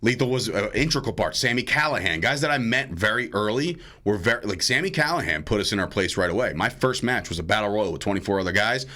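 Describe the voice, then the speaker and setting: A man from New Jersey, a podcast guest and wrestling commentator, telling animated stories and acting out quotes with plenty of swearing. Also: on the low side, fast, hardly any pauses. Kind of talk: casual storytelling chat.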